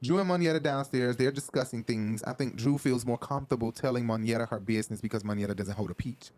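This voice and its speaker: A man's voice: medium pitch, fast talker, darkish tone, a little hiss or hum. A man casually recapping a reality show episode, chatty and profane, with laughing asides.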